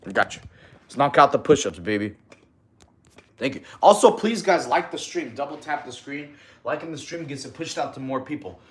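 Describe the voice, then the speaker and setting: Counting push-ups until he's out of breath, a man keeps up relaxed, slangy livestream chatter and calls his viewers "bro." The room echoes, and his expressive medium-pitched voice moves at a moderate pace.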